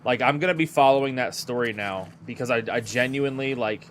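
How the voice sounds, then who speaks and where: This gaming streamer has a medium-pitched, fairly bright voice and a fairly quick delivery, with slight noise in the background. He talks casually to his viewers, often repeating words mid-thought.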